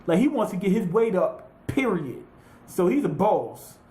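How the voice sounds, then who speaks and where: A man's voice: high voice, unhurried, roomy sound. A man giving a casual, profane, rambling recap of an anime episode as a reviewer. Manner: profane, rambling, animated retelling with quoted voices.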